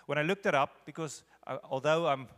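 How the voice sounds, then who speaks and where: A man's voice: a little high, a little fast, a bit bright. A man from Africa, a visiting guest speaker in a large church, talking conversationally and earnestly, often repeating phrases for emphasis. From South Africa. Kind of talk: conversational church talk leading into a sermon. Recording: echoey church hall.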